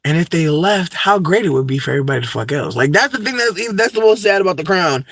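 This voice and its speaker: A man's voice: sits high, animated, quick pace, a bit bright. A young man, rambling in a profane, campy, unscripted vlog monologue full of asides. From United States. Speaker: vlogger.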